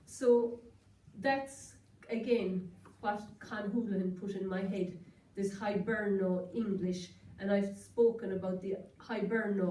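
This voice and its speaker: A woman's voice: mid-range voice, warm tone, distant mic. A woman with a Kerry Irish accent giving a chatty, anecdotal public talk, quoting old sayings to a room. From Ireland. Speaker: guest lecturer. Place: lecture room, indoors. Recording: echoey room from afar, faint hiss.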